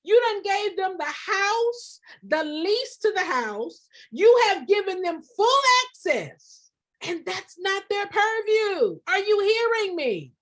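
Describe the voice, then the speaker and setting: A woman with a very high voice coaches nonprofit leaders in fiery, preachy bursts. Her pitch swings widely as she repeats lines for emphasis and slips into shouting. She talks straight to her viewers like a live-stream mentor. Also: very animated, slow. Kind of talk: passionate live-stream advice talk.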